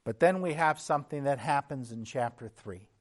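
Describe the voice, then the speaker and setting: A man preaching a sermon as a pastor, teaching in an earnest tone, with restarts and occasional throat clearing. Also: mid-range voice, lively intonation, moderate pace.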